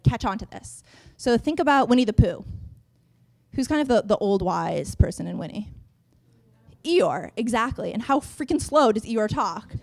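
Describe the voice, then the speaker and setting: A young woman giving a lively, chatty workshop talk on public speaking to a room, laughing between points. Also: on the high side. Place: conference room.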